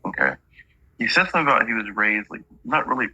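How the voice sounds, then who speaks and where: A man's voice: lowish voice, very animated, fast, sharp tone, husky, dull audio. A man working as a medium, relaying messages in a chatty reading and stringing quotes together with "he's like".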